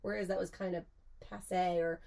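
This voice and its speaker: A woman's voice: lowish voice, level tone, normal speed, creaky, warm tone. A young woman co-hosting a podcast, telling a story in casual chat, laughing often and swearing freely.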